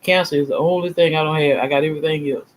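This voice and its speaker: A man's voice: on the high side, fairly even intonation, very fast, a little hiss or hum, rough recording. Rambling self-assured man, raised voice. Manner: rambling, emphatic, self-assured, repeats himself. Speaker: channel host. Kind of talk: casual livestream talk.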